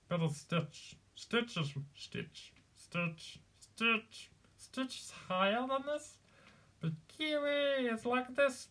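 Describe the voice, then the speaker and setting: A man voicing a small mischievous male alien creature in a squeaky, raspy voice. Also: fairly bright tone, full character voice.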